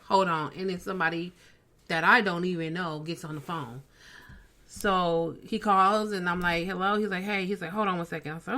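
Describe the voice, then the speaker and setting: A woman's voice: fairly low pitch, sharp tone. A woman comedian and podcast host telling a story in casual chat, acting out the dialogue she quotes.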